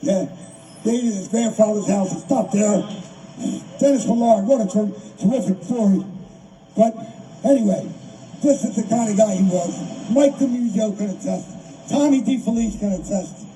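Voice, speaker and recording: Recorded by a far-off mic with faint background noise, an older rally speaker talks outdoors in a high, mellow voice at normal speed. He gets emotional and repeats himself throughout.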